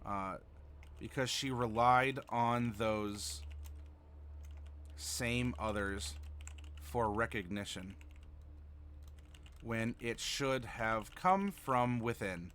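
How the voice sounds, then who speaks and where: A man's voice: mid-range voice, very slow, long pauses, fairly bright tone, a little hiss or hum. A man hosting a livestream as game master, chatting casually and reading viewer messages aloud. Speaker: game master and stream host.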